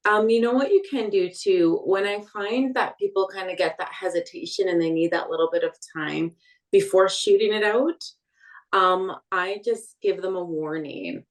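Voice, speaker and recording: A woman's voice: medium pitch, normal speed. A woman respiratory therapist giving practical tips in a casual group chat, often affirming others. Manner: warm affirming, frequent "yeah".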